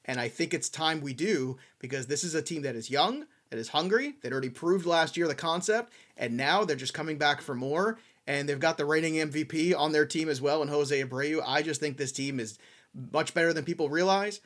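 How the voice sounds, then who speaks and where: A man with a slightly high voice talks through season win totals in a loose, conversational way. He gets animated and playful, tossing in jokes as he pitches his picks. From American Midwest. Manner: enthusiastic, animated, quick to joke. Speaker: sports betting podcast co-host. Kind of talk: casual sports betting chat.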